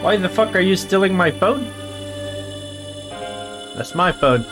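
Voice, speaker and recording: A man's voice: high-pitched, expressive, measured pace, music in the background. A man giving casual let's-play commentary, full of profane, joking, playful asides. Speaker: gaming streamer.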